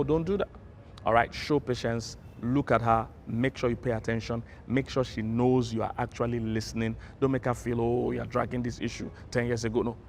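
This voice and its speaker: Guy giving relationship tips straight to camera, mid voice, keeps repeating himself, bit of low rumble behind. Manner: emphatic, repeats points, prompts viewers to practice. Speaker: relationship advice presenter. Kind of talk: advice talk to camera.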